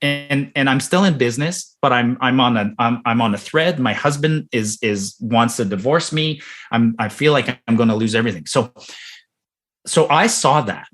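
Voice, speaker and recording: A man's voice: medium pitch, normal speed, a bit bright. Heated, emphatic middle-aged man. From Ontario, Canada. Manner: emphatic, heated, repeats words when worked up. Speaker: guest. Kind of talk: interview conversation.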